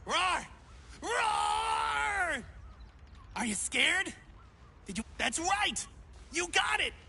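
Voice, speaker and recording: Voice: very high voice, extremely slow, creaky, shouting, a little hiss or hum, exaggerated voice. Someone voicing a bouncy, eager wannabe adventurer lad. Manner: excitable, clumsy, fumbling for words. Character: eager hapless young male would-be adventurer. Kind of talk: video game character dialogue.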